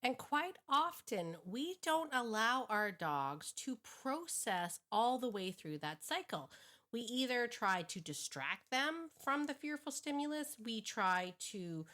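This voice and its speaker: Animated woman teaching with laughs. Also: on the high side, takes it slowly. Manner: animated, acts out inner thoughts, laughs often; frequent restarts and repeated words. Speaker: dog trainer, show host. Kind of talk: casual teaching monologue.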